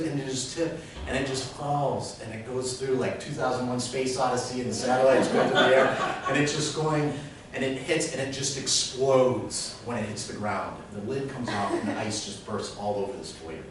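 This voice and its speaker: Guy telling a funny story on stage, acts out the voices, super echoey hall, mic kinda far off. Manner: animated, acts out voices in quotes. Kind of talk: live comic storytelling. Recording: very echoey room, mic at a distance, rumbling noise.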